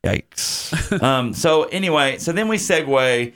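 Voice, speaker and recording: A man's voice: a little high, animated, unhurried, a bit bright. A male podcast host casually recapping a bad movie, rambling with lots of fillers. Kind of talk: casual movie-review chat.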